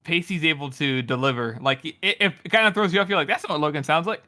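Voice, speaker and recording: A man co-hosting a book podcast, excitable and talking in quick bursts with restarts. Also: a little high. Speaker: podcast co-host. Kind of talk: casual book-discussion chat.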